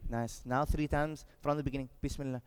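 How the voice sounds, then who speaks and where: A man teaching Quran memorisation, leading a group through slow, drawn-out recitation drills with clear instructions. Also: on the high side, expressive, a little mellow, big-room sound. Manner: instructive, repeats words slowly and drawn out.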